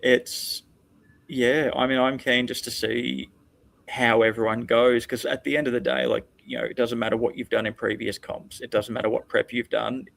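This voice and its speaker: A man with an Australian accent, a chilli competitor, answering in a laid-back, relaxed way. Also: mid-range voice, moderate pace, gravelly, dry recording. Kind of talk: casual interview answer.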